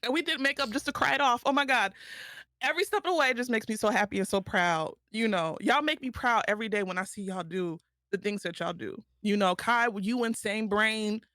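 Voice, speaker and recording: A woman's voice: fairly high pitch, fairly quick, bright, forceful tone, no room sound, clean studio sound. A woman streamer, talking tearfully and affectionately to her friends in casual chat.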